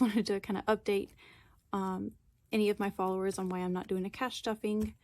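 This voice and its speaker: A young woman with a medium-pitched, somewhat dark voice chats casually on her budgeting vlog. Sitting on the floor at home, she counts bills aloud and pokes fun at herself.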